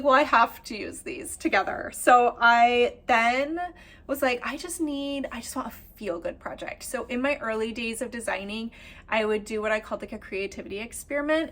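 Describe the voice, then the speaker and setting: A woman's voice: fairly high pitch, fairly bright tone. A woman with a slightly nasal voice, chatting casually to camera as the host of a knitting and spinning vlog. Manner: chatty and upbeat, many fillers and little laughs. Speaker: knitwear designer and vlog host.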